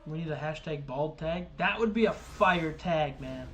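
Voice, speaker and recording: A man commentates his game casually, thinking aloud and cursing when things go wrong. His voice sits slightly high. Faint game music plays behind him. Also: normal speed, a bit bright. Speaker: gaming streamer.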